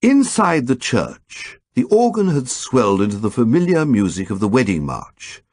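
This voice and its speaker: Gravelly, kinda husky guy narrating a book, very lively pitch, dry close mic. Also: moderate pace, dry recording. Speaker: audiobook narrator. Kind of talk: scripted narration.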